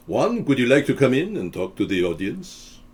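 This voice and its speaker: A man's voice: mid-range voice, huge pitch swings, moderate pace, breathy edge. A man hosting a live video-chat talk show, rambling, joking and teasing the chat room. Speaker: host.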